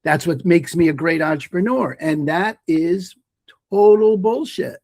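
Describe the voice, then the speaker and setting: A man's voice: on the high side, measured pace, a little mellow, no echo. A man speaking as a guest on a podcast interview, an emphatic mindfulness teacher who makes his points through stories. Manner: emphatic, storytelling, repeats phrases for effect.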